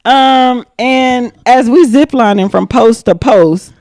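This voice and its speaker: A young woman recounts a story on a podcast with loud, profane enthusiasm, laughing as she goes. Her voice sits a little high for a woman. The recording is dry, with almost no room sound. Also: slow pace, no room sound. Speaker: podcast guest. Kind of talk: casual storytelling.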